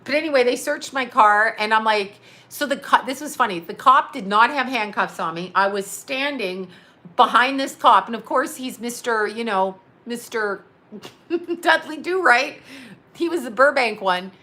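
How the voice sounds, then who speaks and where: A middle-aged woman tells a meandering story on a casual livestream, laughing often and cursing freely. Her voice sits a little high, with a bright, forceful edge. She drifts off topic and reads replies out as she goes. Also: expressive, measured pace. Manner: rambling, chatty storytelling with frequent laughs and swearing. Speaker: psychic medium and astrologer. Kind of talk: casual livestream chat reading comments.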